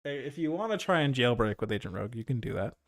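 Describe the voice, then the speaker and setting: A man narrating as game master of a tabletop role-playing game, relaxed, with many fillers and frequent laughs. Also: medium pitch, quick pace.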